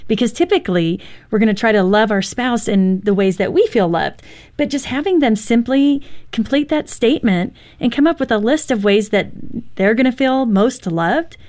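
A woman's voice: fairly high pitch, lively intonation, normal speed, a little mellow. A middle-aged woman, a marriage counselor guest, chatting casually and affirming with short interjections. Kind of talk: casual chat.

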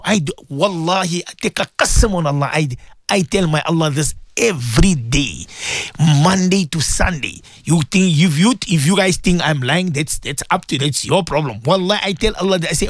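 A man hosting devotional morning radio, talking fervently and repetitively, rising to high exclamations and dropping to hushed, prayerful tones. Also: lively intonation, normal speed, no echo, studio quality. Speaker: radio host. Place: radio studio.

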